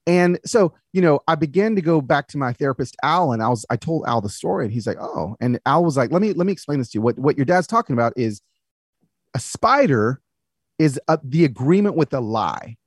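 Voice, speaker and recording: A man in his late thirties tells a personal story as a podcast guest. His voice is slightly husky and swings widely in pitch. He acts out the people he quotes, and the recording is dry and close. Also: expressive, a little fast, no room sound. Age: 30s.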